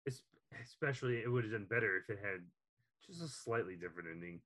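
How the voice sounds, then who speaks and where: A man's voice: on the low side, expressive, fast, a bit bright. A man co-hosting a casual film chat, skeptical and wry. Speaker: podcast co-host. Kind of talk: casual chat about films.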